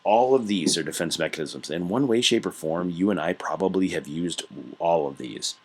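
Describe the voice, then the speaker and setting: A man with an extremely deep voice teaches a recorded class, walking through his notes on a computer mic. He keeps it conversational, with everyday examples and plenty of small fillers. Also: moderate pace, breathy edge. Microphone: computer mic while scrolling through notes.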